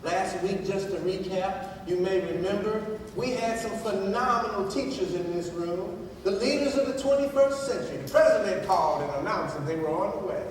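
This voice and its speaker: High-voiced minister in an echoing hall. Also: male voice, animated, moderate pace, few pauses. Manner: storytelling, drops low and soft for emphasis. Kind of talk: sermon. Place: large church hall. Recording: distant echoey hall with noise.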